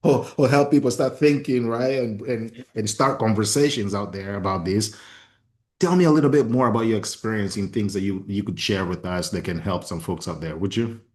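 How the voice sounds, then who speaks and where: Expressive low-voiced man hosting a podcast. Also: brisk. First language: not English. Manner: passionate, expressive, many restarts. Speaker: podcast host. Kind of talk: casual interview conversation.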